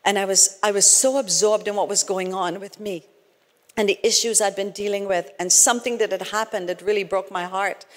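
Her sermon is casual and fairly quick, delivered in a medium pitch with fairly even intonation as she recounts personal stories, often restarting and adding tag questions. The church speaker's voice rings with long reverb, as though in a hall.

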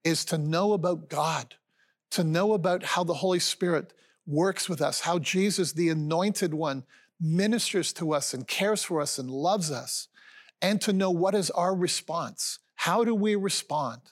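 A man's voice: on the high side, a little slow. A man in his sixties preaching a sermon as a pastor, earnest and conversational, often calling his listeners friends. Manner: conversational preaching with fillers and restarts.

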